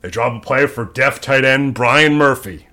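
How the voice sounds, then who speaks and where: A man co-hosting a podcast recaps a film in loose, animated chat, sometimes putting on voices for the characters. His voice has a bright, forward tone. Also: mid-range voice, normal speed. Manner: animated storytelling, acting out film scenes with quoted voices. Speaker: podcast co-host. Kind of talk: casual chat.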